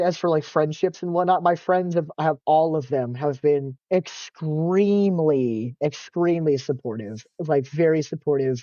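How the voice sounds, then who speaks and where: A man talking as a podcast guest, loose and chatty, with lots of filler words and easy swearing. His voice is warm and mellow in a dry, close sound. The audio is a bit dull and lo-fi. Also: a little high, no room sound. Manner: casual, animated storytelling, heavy use of "like", swears freely. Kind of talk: casual interview chat.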